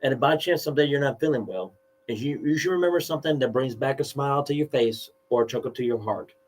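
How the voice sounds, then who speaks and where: A man with a Texan accent, a guest musician, speaking in a polite, earnest, soft-spoken way. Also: medium pitch, quick pace, poor audio. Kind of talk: casual interview chat.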